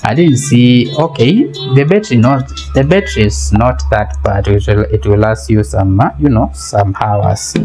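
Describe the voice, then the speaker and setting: Hesitant low-voiced man demoing a gadget. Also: normal speed, few pauses. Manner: hesitant, repeats words while explaining step by step. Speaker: product reviewer. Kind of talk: casual product demo and review. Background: faint music playing.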